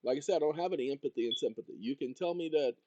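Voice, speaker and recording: Man, channel host, rambling monologue, high animated voice, dull dry lo-fi sound. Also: racing. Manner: animated, talking straight to viewers, jokey asides.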